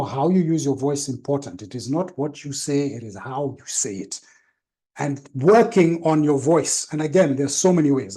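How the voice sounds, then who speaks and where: Man speaking at a seminar with a mellow voice. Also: a little high. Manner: trained, deliberate delivery with varied tones and emphasis. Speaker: branding and presence trainer. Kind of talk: live seminar talk.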